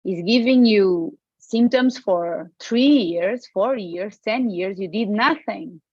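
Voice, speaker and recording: Woman w portuguese accent, animated, keeps repeating herself, kinda husky. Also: medium pitch, slow pace, no room sound, lo-fi sound. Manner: emphatic, repetitive, animated. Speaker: guest, traditional Chinese medicine practitioner. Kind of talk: podcast interview.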